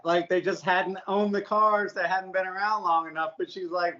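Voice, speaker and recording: A laid-back man with a fairly high voice, co-hosting a casual podcast. He chats easily and laughs often. The audio is dull and lo-fi. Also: steady tone, normal speed, hardly any pauses, sharp tone. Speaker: podcast co-host. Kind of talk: casual chat.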